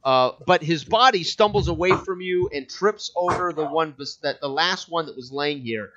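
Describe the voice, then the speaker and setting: A man's voice: a little high, normal speed, noisy background. A man narrating as game master of a tabletop role-playing game, loose and full of filler words. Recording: muffled lo-fi audio.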